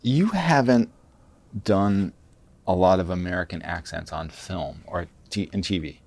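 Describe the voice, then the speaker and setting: A man's voice: low voice, measured pace, gravelly, a little mellow. A man hosting a podcast interview, playful, joking and laughing along with his guest. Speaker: podcast host.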